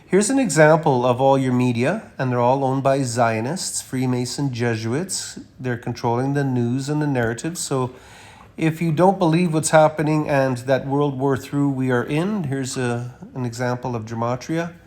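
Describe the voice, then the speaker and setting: A man giving a rambling, emphatic monologue while walking through a slideshow of images, with frequent uh fillers and sudden loud stresses. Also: medium pitch, normal speed. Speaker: commentator presenting images.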